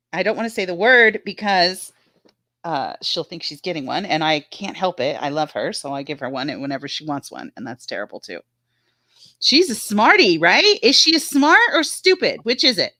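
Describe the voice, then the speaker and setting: A woman's voice: medium pitch, sing-song, normal speed, bright, forceful tone, dry recording. A woman chatting casually on a live stream, laughing often and telling stories about her dog.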